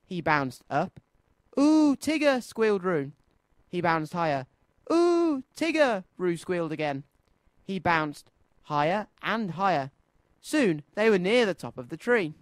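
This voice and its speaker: A man presenting a children's radio show, reading a storybook aloud in an expressive, sing-song way. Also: fairly high pitch, unhurried, dry recording.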